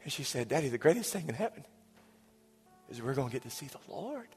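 A pastor in his forties preaching a sermon, moving between raised passages and hushed, whispered lines. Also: mid-range voice, big pitch swings, fast talker. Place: church sanctuary. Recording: church hall reverb with soft music.

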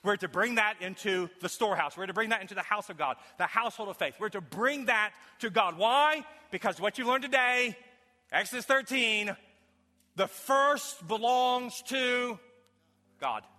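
A pastor preaching a sermon to his congregation, emphatic, swinging from loud declarations to hushed low lines. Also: moderate pace. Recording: long hall reverb.

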